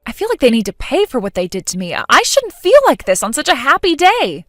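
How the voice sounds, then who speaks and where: Actress as an indignant young bride, highish lively voice, dry sound, faint music. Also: female voice, a little fast, dry recording, heavily acted. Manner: indignant, exasperated. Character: humiliated young bride, furious and hurt.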